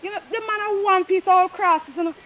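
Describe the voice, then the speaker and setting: A gossipy, chatty surveyor with a Jamaican accent, high and bright in pitch, played by a woman. The recording sounds a little dull and carries a faint hiss, with the feel of a low-budget drama. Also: steady tone, fairly quick. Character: nosy talkative female surveyor, gossipy and quick to apologise. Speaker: property surveyor.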